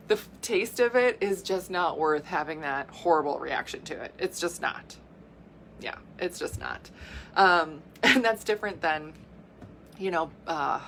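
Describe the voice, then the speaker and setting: A woman's voice: lowish voice, fairly bright tone, a little hiss or hum. Chatty woman explaining health topics. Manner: chatty, explains with lists and asides, laughs easily. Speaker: health coach. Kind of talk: casual health talk.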